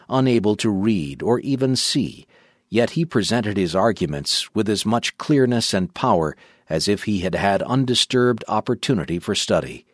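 A man giving a measured, solemn audiobook narration. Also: lowish voice, dry recording, clean studio sound.

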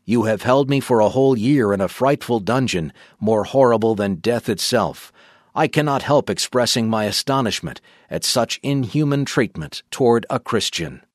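A man voicing a devout condemned martyr who speaks with earnest, steady defiance. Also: mid-range voice, moderate pace, no echo, studio quality, natural voice. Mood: defiant.

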